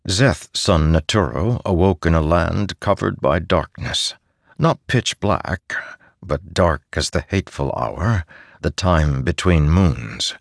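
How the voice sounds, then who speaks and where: A man reading an audiobook as a narrator, in a measured, steady manner. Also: low voice, vocal fry, no echo, studio quality. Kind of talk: scripted narration.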